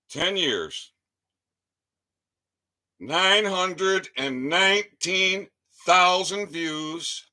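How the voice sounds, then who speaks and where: A man delivering an angry ranting monologue, swinging between shouting and low muttering, with heavy profanity. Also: expressive, extremely slow, long pauses. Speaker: channel host.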